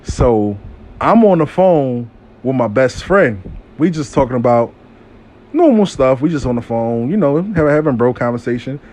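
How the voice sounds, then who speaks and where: A man telling a casual storytime monologue, animated and profane, acting out what people said. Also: medium pitch, moderate pace.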